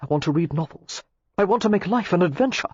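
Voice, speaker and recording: A woman's voice: on the low side, animated, fast, darkish tone, husky, dry recording. A woman voicing an ardent young English lord who makes earnest, flowery declarations. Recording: slightly muffled lo-fi recording.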